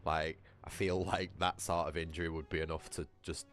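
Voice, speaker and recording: A man's voice: a bass voice, level tone, moderate pace, a bit bright. A man, chatting casually with his livestream viewers, rambling, swearing freely and laughing often. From Britain. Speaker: gaming livestreamer.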